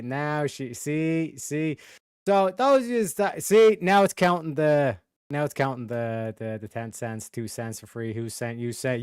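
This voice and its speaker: Smooth-voiced man hosting a livestream. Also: mid-range voice, no room sound, clean studio sound. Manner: profane, drawling shout-outs to chat. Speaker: livestream host. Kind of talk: casual livestream chat.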